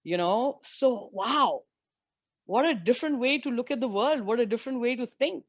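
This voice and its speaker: A woman in her forties from India, a former professional golfer, telling lively and candid stories as an interview guest. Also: a little high, normal speed, dry recording, lo-fi sound. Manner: lively, candid anecdotes with frank swearing. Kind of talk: storytelling in a conversation.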